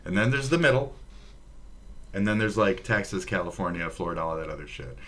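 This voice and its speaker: Man, minnesotan accent, brash profane rambling, low voice, livestream chat. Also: animated, brisk, fairly bright tone. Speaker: streamer.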